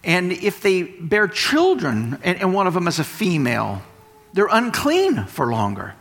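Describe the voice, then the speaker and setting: With a high, slightly bright voice whose pitch swoops wildly, a man from West Texas preaches unhurriedly. He teaches by explaining and driving points home through repetition, in a space with long hall reverb.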